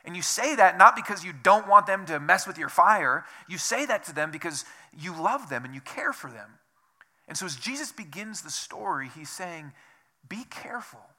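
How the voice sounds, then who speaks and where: A male pastor preaching with a very bright, forceful voice pitched a little high. He is earnest, repeats his phrases and keeps asking the room questions. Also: lively intonation, moderate pace. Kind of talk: sermon.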